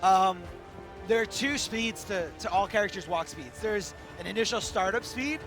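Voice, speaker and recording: A man with a voice going hoarse, giving live commentary at a fighting game tournament and explaining things, correcting himself as he goes. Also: high voice, normal speed. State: hoarse, losing his voice. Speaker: esports commentator. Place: tournament venue. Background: music.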